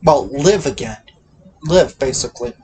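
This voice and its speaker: A man hosting a casual movie chat, talking haltingly with many restarts and hedges. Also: mid-range voice, expressive, a little mellow, a little hiss or hum. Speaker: podcast host.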